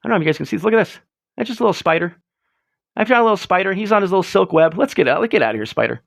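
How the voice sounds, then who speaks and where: A man's voice: sits high, animated, very fast, gravelly, no room sound, studio quality. A man hosting a livestream in a rambling, profane, mock-ranting chat. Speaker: livestream host.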